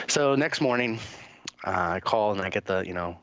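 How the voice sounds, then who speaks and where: A man's voice: fairly low pitch, expressive, moderate pace, a bit bright, lo-fi sound. A man hosting a podcast, telling a long story in casual chat, rambling and swearing, with many fillers and quoted dialogue. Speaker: podcast host.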